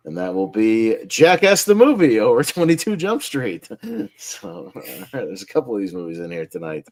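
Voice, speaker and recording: A man's voice: fairly low pitch, huge pitch swings, moderate pace, darkish tone. A man hosting a casual online group chat, upbeat and laughing often as he runs the votes. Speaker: host.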